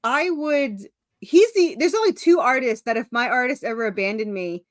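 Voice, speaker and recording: A woman's voice: a little high, expressive, moderate pace, no echo, studio quality. A woman, an indie comic creator, chatting as a guest on a video call, rambling with many fillers and restarts and laughing at herself. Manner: self-mocking, laughs at herself. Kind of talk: casual video-call chat.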